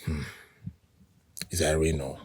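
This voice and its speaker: A Nigerian-accented actor playing a proud shop owner who shouts in anger and stammers when scared, in a film drama. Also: male voice, rumbling low, level tone, slow, breathy edge, dry recording, exaggerated voice. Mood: anxious.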